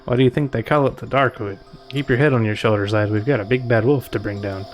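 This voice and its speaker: A stern witch giving firm orders, as a man reads her. The voice sits at a middling pitch, with faint game music behind. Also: fairly even intonation, fast talker, natural voice. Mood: commanding. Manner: firm, bossy.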